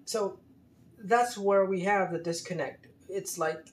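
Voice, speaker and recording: A man's voice: sits high, slow. A man giving unscripted commentary, emphatic and exasperated, often stumbling into repeated restarts. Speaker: commentator critiquing a religious article. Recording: roomy echo, faint background noise.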